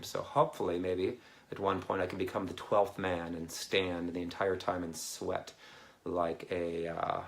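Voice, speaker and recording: A man from Canada with a lowish, gravelly voice hosts a casual livestream. He rambles in a chatty way and greets viewers by name, peppering his talk with fillers. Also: a bit bright. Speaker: deliverance minister and livestream host.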